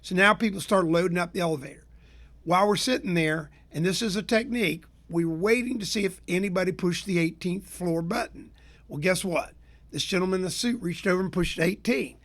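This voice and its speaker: A man from Florida, a business consultant hosting his own show, telling sales stories in a folksy, energetic rant. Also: sits high, fairly quick. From Tampa area, Florida. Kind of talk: storytelling rant to listeners.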